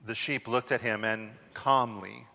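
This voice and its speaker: A man telling a parable in a slow, deliberate, dramatic way, recorded in a reverberant hall. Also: medium pitch, steady tone, gravelly, sharp tone. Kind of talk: told parable, storytelling.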